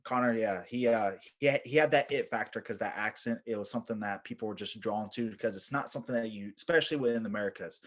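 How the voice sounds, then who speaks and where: A man's voice: fairly low pitch, fast talker, few pauses. A man guest on a podcast, a military veteran telling casual stories in a rambling way, with lots of fillers and swearing. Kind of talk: casual storytelling.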